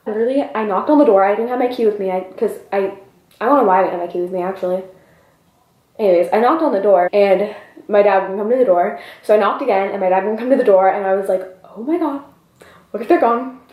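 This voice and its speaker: A young woman vlogger telling a story in an animated, breathless way, peppered with "like", in a roomy space. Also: mid-range voice, quick pace, muffled recording. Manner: animated, breathless retelling full of "like". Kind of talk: storytime vlog.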